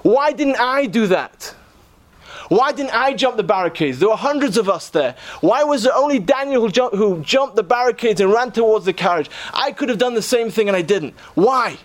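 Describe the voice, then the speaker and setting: A man's voice: a little high, fast talker, hardly any pauses, no echo, lightly acted. A man voicing a grown man overcome by regret, asking himself anguished questions.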